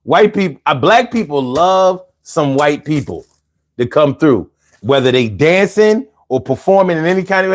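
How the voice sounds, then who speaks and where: A man's voice: on the high side, animated, measured pace. Profane, rambling middle-aged man streaming live. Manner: profane, rambling, stammering restarts, laughing asides. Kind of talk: casual live stream chat, reading viewer comments.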